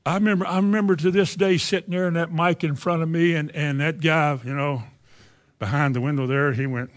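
A preacher tells a story from the pulpit, with a voice a little higher than most men's. He stammers on some words and starts lines over as he goes. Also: steady tone, fairly quick. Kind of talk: sermon with personal testimony.

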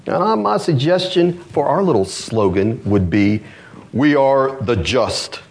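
A man preaching a sermon to his congregation, animated and asking rhetorical questions. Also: medium pitch, unhurried. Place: church congregation.

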